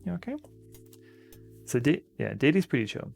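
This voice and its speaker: Australian male streamer, casual rambling delivery, creaky texture. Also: mid-range voice, very animated, moderate pace, a little mellow, soft background music. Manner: rambling, chatty, fond baby-talk to dogs. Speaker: game streamer. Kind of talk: casual live-stream chat. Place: home room with dogs.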